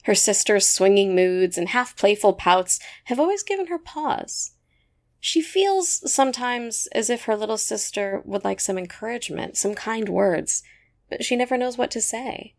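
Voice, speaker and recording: A woman narrating a short story in a measured, even storytelling manner. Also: fairly high pitch, gravelly.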